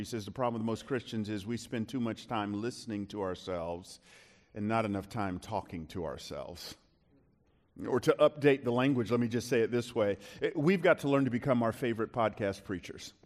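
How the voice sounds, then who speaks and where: A middle-aged male pastor preaching a sermon, slowing down and rising in pitch to stress his key lines. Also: big-room sound.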